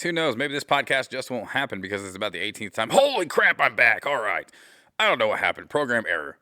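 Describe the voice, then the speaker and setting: A man's voice: fairly low pitch, bright, forceful tone, no room sound, studio quality. Joking man rambling in his garage. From Midwestern US. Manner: joking, self-deprecating, repeats "guys" often. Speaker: podcast host. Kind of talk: casual rambling podcast. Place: home garage. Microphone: camera mic.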